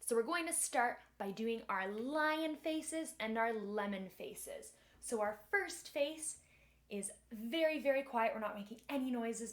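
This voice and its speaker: Young female children's teacher; cheerful, patient, slightly high voice; home camera recording. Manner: cheerful, slow and encouraging, guides warm-up games. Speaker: children's music and magic teacher. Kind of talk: children's lesson. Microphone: camera mic.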